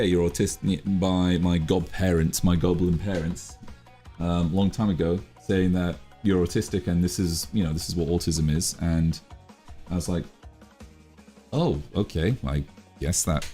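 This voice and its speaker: A man's voice: deep voice, fairly even intonation, moderate pace, dark tone, soft background music. A man streaming his drawing, chatting casually in a rambling, self-deprecating way. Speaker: art streamer.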